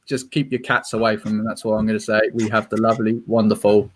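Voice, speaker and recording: A man's voice: lowish voice, flat delivery, quick pace. A man with a British accent hosting a casual group livestream, chatty and self-mocking, laughing often. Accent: British English. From Britain. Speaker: stream host.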